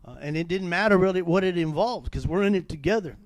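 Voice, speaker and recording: A man giving an animated personal testimony at a church men's meeting, with many fillers and restarts. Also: high-pitched, quick pace, no room sound. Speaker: testimony speaker.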